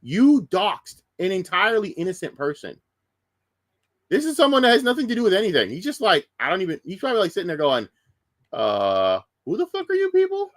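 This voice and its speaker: A man's voice: high voice, big pitch swings, quick pace, fairly bright tone, no room sound, clean studio sound. Profane ranting male streamer. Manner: profane, heated, sarcastic. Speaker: streamer reacting to news. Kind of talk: casual ranting commentary.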